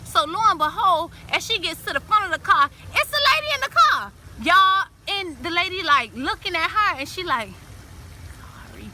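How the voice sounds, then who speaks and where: A woman telling a story in a casual, animated way, acting out the lines of the people in it. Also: very high-pitched, moderate pace, heavy background noise. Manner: animated, acts out friends' quoted lines.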